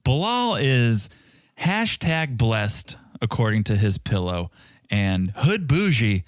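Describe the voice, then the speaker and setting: A man's voice: fairly low pitch, big pitch swings, a little slow, dry recording, studio quality. A man co-hosting a podcast, wry and teasing in casual chat. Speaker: podcast co-host.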